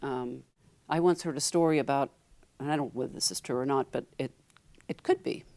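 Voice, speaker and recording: A middle-aged woman, a linguistics professor, explaining things in a measured interview chat with a few fillers. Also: extremely low pitch, darkish tone. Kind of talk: casual interview talk.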